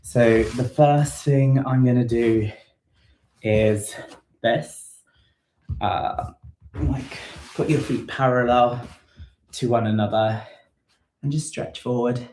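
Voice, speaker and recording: A man's voice: mid-range voice, fairly even intonation, slow, long pauses, darkish tone, reverberant, a little hiss or hum, low-quality recording. A man leading a home workout in casual talk, thinking aloud with many ums and self-corrections, a bit out of breath. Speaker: fitness vlogger leading a live workout. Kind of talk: casual live workout instruction. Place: room at home.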